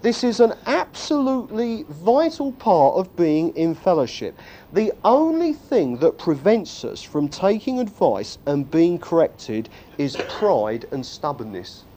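A man preaching a sermon, telling stories with self-deprecating jokes and a lively, animated delivery. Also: on the high side, a little slow, a little hiss or hum. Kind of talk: humorous sermon.

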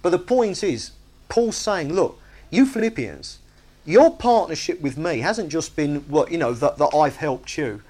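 A man's voice: a little high, measured pace. A man preaching a sermon, emphatic and conversational, often asking his listeners whether they see his point. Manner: animated, emphatic, asks the congregation "you see?".

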